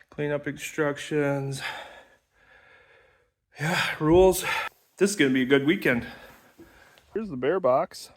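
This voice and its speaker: A man talking casually to the camera while hiking outdoors, a bit out of breath and chatty about his trip. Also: mid-range voice. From Wisconsin. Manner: chatty, talking while walking and pulling a cart. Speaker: outdoors vlogger. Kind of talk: casual walk-and-talk vlog. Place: outdoors in the woods and at a riverbank.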